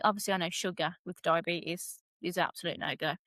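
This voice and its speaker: A young British woman guest on a podcast, telling her story in a lively, dramatic way and laughing often. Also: lowish voice, a little fast, few pauses, no echo. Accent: British English. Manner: animated, self-described dramatic, laughs often. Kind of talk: casual storytelling interview.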